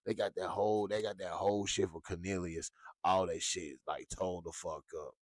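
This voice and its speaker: A man hosting a casual talk show, ranting with lots of profanity and animated swings into high yelps. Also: normal speed, no room sound, clean studio sound. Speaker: show host.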